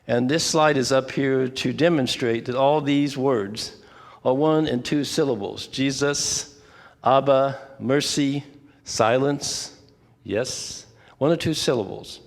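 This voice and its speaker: An older man leading a church prayer workshop, talking in a relaxed, conversational way with frequent asides and restarts. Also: mid-range voice, long reverb tail. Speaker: workshop leader. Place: church fellowship hall.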